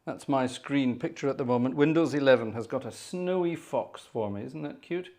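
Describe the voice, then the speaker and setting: At normal speed, a chatty host of a live organ music stream speaks in a mid-range, slightly mellow voice. He describes his tech troubleshooting step by step in casual live-stream chat, grumbling exasperated asides under his breath.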